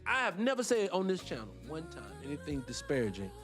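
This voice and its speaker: A Black American man hosting his own commentary, high-voiced and swinging wildly in pitch. He rants with lots of cursing, jumping from loud outbursts to low, slowed-down points. Faint music sits under his voice. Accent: Black American English. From United States. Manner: profane, animated, swinging between loud and low. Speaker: commentary channel host. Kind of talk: heated reaction commentary.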